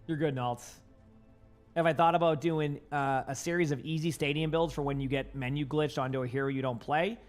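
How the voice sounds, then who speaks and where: A man's voice: fairly high pitch, fairly even intonation, a little fast, faint music behind. A young man with a light Boston accent, a gaming streamer chatting casually with his viewers, rambling with lots of fillers and restarts. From Boston area.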